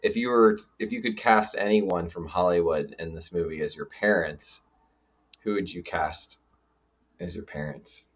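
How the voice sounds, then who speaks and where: Low-voiced man hosting a podcast. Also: measured pace. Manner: encouraging, affirming interviewer. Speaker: podcast host. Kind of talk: casual podcast interview.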